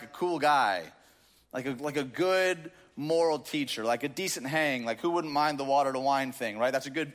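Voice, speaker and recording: A man's voice: medium pitch, fairly bright tone. A man preaching a sermon in a casual, joking way, with lots of filler words, to a crowd in a large church auditorium. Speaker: pastor. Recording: long reverb of a large hall.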